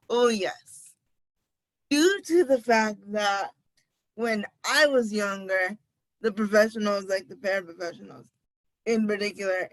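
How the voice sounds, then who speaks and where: A woman's voice: medium pitch, a bit bright, dry recording, poor audio. A young woman on a video call, sharing a personal account on a panel in a hesitant way, searching for words.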